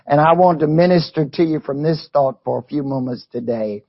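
A man preaching a sermon with fervor, often saying amen and rising to shouts. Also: mid-range voice, fairly even intonation, moderate pace, breathy edge, no room sound, lo-fi sound.

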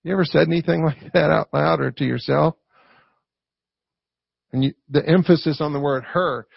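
A man preaching in a high, gravelly voice with an easygoing, folksy delivery. He keeps tossing rhetorical questions to his listeners. The recording is dull and lo-fi, with a dry, close sound. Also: fairly even intonation, normal speed, no room sound. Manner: folksy, peppers points with rhetorical "right?". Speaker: pastor. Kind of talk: conversational sermon.

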